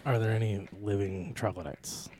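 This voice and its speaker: A man's voice: fairly low pitch, steady tone, moderate pace, warm tone, a little hiss or hum. Matter-of-fact male player stating actions. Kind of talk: casual tabletop play.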